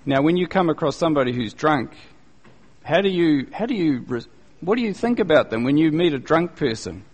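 A male pastor preaching a sermon in a conversational, animated way, using casual slang and acting out the people he quotes. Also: a little high, a little fast, breathy edge. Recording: long reverb, echoey hall.

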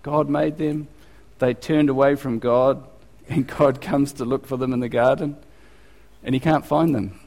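Male preacher, conversational sermon, many restarts, average pitch, echoing church. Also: steady tone, unhurried, a little mellow. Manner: conversational, restarts often, acts out scenes.

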